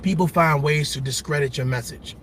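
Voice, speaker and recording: A man's voice: fairly high pitch, fairly quick, a bit bright, a little hiss or hum. A middle-aged man giving a passionate, preacher-like commentary monologue, emphatic and repetitive. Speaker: commentary vlogger.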